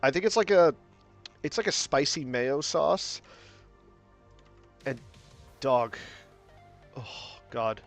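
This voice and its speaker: A man's voice: mid-range voice, takes it slowly, long pauses. Rambling, profane young man streamer. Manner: rambling, profane, lots of filler and restarts; gets loud and animated when ranting. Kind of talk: casual stream chat while drawing. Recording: faint music behind.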